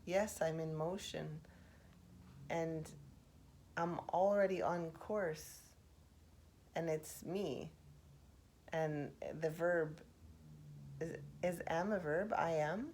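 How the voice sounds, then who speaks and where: A woman speaking softly for ASMR, musing aloud with pauses and half-whispered asides. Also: sits low, fairly even intonation, slight background noise. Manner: reflective, thinking aloud with pauses. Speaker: host. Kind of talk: soft-spoken ASMR poetry analysis.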